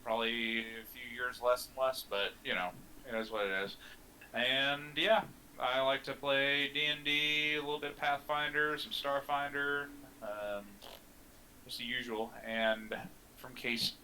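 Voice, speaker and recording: A man's voice: medium pitch, fairly even intonation, a little slow, sharp tone, slight background noise, low-quality recording. A man in his thirties from Kansas City, chatting in a joking, laid-back way as a tabletop game player. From Kansas City, United States. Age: 30s. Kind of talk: casual chat.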